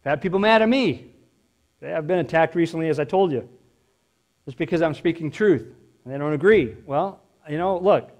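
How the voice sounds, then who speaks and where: High-voiced, emphatic male pastor. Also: moderate pace, darkish tone. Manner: conversational, emphatic, full of rhetorical questions. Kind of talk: sermon.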